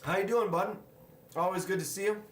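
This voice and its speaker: A man's voice: high-pitched, fairly quick, a little hiss or hum. A man hosting a casual livestream, reading viewer comments aloud and greeting people in the chat. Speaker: livestream host. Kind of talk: casual live-stream chat. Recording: roomy, echoey room sound.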